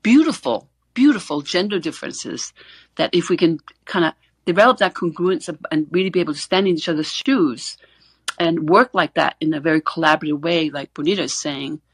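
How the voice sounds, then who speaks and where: A middle-aged woman talks in an earnest, explaining way on an online call. Her voice is husky and sits a little low. The sound is dry and close, with no room around it. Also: fairly quick, dry recording. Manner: earnest, explanatory, repeats words when starting. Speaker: co-host, gender expert. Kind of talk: casual panel discussion. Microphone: online audio call.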